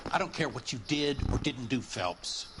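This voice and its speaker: An actor playing a gruff police captain who gives orders bluntly and threatens his new detective in a game cutscene. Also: mid-range voice, lively intonation, normal speed, background noise, close to an everyday voice. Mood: commanding.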